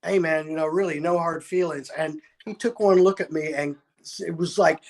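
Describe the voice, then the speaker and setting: A man's voice: fairly high pitch, steady tone, fairly quick, a little mellow. A man, a musician, telling a long story in an interview, acting out quotes and often restarting his sentences. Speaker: musician guest.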